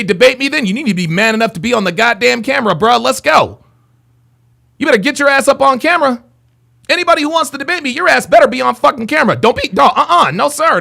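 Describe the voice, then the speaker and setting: A man's voice: sits high, creaky, bright, forceful tone. A young man hosting a livestream, ranting and taunting viewers in a brash, repetitive way. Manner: brash, taunting, repeats himself. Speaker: livestream host. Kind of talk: heated livestream rant at chat.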